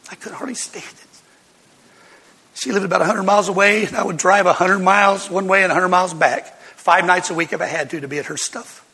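With a high, bright and slightly husky voice echoing through a large, reverberant hall, this older male pastor tells sermon stories in a folksy, animated way at a fast clip. He laughs and breaks into sudden loud bursts when things heat up.

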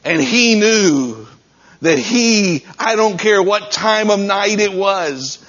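Husky-voiced preacher man. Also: sits high, expressive, slow, fairly bright tone, lo-fi sound. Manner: preachy, conversational, talks straight to the congregation. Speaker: pastor. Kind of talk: sermon.

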